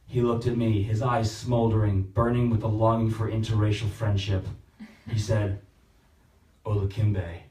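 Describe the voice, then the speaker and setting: A young man works through a stand-up set at an open mic, telling his stories deadpan and then breaking into exaggerated voices. His voice sounds roomy and a little distant, caught on a phone livestream. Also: fairly low pitch, moderate pace. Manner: deadpan storytelling, shifting into exaggerated put-on voices. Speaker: stand-up comedian. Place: small open-mic room.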